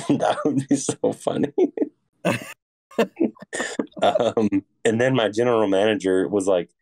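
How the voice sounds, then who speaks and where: A man's voice: fairly low pitch, takes it slowly, long pauses, a little mellow. A young man co-hosting a podcast, laid-back and laughing a lot as he chats. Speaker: podcast co-host. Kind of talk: casual chat.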